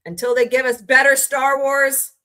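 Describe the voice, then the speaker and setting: A woman's voice: high voice, level tone, moderate pace, sharp tone. A woman hosting a casual livestream, greeting viewers by name and ranting about entertainment news. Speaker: livestream host. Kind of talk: casual chat with live chat readers.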